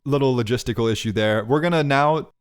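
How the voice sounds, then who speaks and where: A young man in his twenties co-hosts a casual podcast. He talks in a loose, rambling way and riffs on silly bits. He laughs often at his own jokes in a mid-pitched voice. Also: a little fast, clean tone. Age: 20s. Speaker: podcast co-host. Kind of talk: casual chat.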